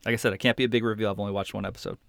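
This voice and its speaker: A man's voice: on the low side, steady tone, rapid-fire. A man hosting a podcast, chatting casually and rambling with many restarts and casual swearing. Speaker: podcast host. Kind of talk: casual chat.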